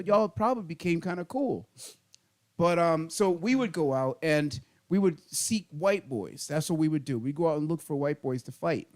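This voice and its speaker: A middle-aged man, the podcast host, telling childhood stories in casual, animated chat. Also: fairly high pitch. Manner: animated storyteller, laughing through funny stories.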